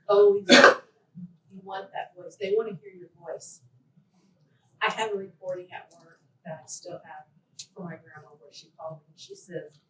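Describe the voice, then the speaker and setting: A woman presenting at a conference, telling stories in a chatty, animated way. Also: lowish voice. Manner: chatty, storytelling, animated quotes. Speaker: conference presenter and language teacher. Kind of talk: casual presentation talk. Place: conference hall. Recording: echoey hall, distant from the mic.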